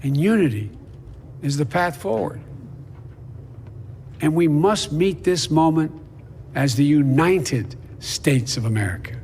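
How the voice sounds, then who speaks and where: A man doing an impression of an older president giving a slow, solemn speech on unity. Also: a little high, expressive, a little mellow, long reverb tail, slight background noise. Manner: slow, halting oratory. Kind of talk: solemn political speech parody.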